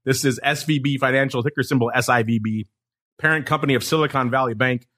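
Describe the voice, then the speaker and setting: A man's voice: mid-range voice, steady tone, quick pace, pushed and bright. A man hosting a market podcast, playfully teasing his co-host and rattling off trading figures. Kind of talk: casual market show talk.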